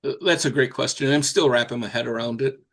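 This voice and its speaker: Gravelly older male storyteller. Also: medium pitch, fast talker. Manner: folksy, rambling with fillers and restarts. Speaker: professional Santa performer, interview guest. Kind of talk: anecdotal storytelling.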